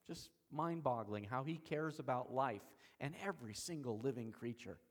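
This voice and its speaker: Man preaching with big expressive swings. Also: mid-range voice, husky. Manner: dramatic swings between soft and emphatic, slows on key words; folksy asides with self-deprecating humor. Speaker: pastor. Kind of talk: expository sermon.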